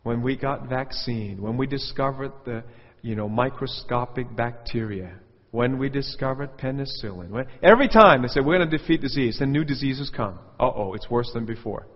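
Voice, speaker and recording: A man preaching a sermon with commentary, animated, and he mocks the quotes he reads in a raised voice. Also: mid-range voice, normal speed. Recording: dull audio with long hall reverb.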